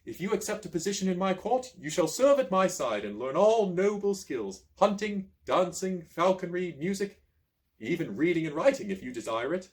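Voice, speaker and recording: A man voicing a noble, grateful king with stately, measured delivery in a storybook reading. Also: high voice, sing-song, voice pushed up.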